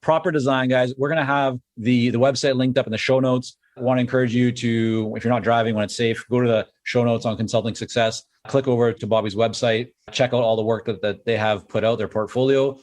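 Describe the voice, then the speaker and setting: A man with a Canadian accent hosting a podcast interview, quick, friendly and joking. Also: mid-range voice, level tone, a little mellow. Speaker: podcast host.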